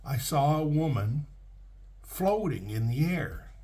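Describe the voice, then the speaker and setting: A man's voice: a little high, expressive, slow pace, warm tone. A man quoting a scared, shaken young guy. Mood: frightened. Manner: urgent and shaky.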